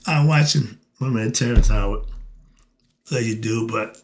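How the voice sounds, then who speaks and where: A man's voice: on the low side, measured pace, slight background noise. A man giving a casual spiritual monologue to camera, preachy and colloquial, asking and answering his own rhetorical questions. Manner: colloquial, often cuts himself off with 'moving on'. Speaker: self-styled philosophy teacher.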